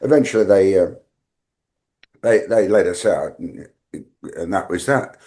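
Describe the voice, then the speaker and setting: A man's voice: sits low, unhurried, warm tone. An older man with an English accent, a guest in an interview, telling rambling anecdotes full of fillers and restarts. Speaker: guest, veteran tour manager.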